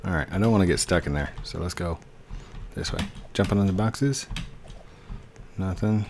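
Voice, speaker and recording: Playful, low-voiced man doing gameplay commentary. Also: moderate pace, a little mellow, a little hiss or hum. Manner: playful, chatty, talks to himself while playing. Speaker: gaming YouTuber.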